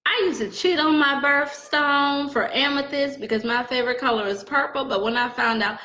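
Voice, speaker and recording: A woman's voice: high voice, moderate pace, bright, forceful tone, echoey room, slight background noise. A middle-aged woman teaching crystals in a casual video, joking and chatting straight to her viewers. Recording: dull lo-fi sound.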